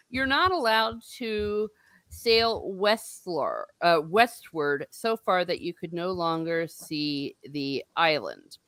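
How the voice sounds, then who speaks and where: A book discussion livestream host speaks in a lowish, pushed and bright voice at a measured pace, captured in studio quality without any room sound. Her manner is casual and talkative, with laughter and plenty of self-mockery.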